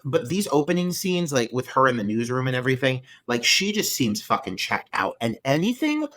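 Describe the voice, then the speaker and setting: A man co-hosting a podcast, chatting casually about a film in an animated, profane way with frequent laughter. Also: medium pitch, a little fast, no echo. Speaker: podcast co-host. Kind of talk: casual film review chat.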